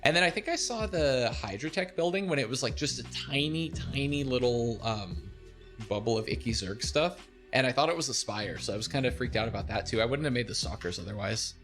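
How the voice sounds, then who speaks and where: A young man streaming, casually talking through a replay of his own game, animated and self-deprecating, laughing often. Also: medium pitch, fairly quick, soft background music.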